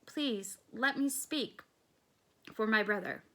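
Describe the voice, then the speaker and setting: A woman's voice: on the high side, slow, fairly bright tone. A woman reading the part of a humble male Roman senator who begs on his knees. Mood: begging. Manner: humble, begging.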